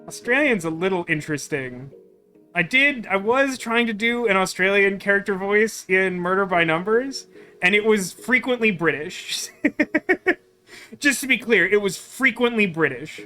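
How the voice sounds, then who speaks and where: A man's voice: high-pitched, animated, unhurried, bright, forceful tone, faint music behind. A man streaming a game, chatting with viewers in a rambling, self-deprecating way. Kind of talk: casual game commentary.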